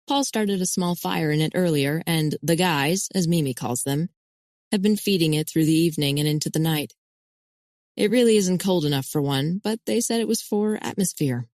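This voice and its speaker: A woman narrates a first-person audiobook in a measured, even way. Her voice is low for a woman. The recording is close and dry. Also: no room sound.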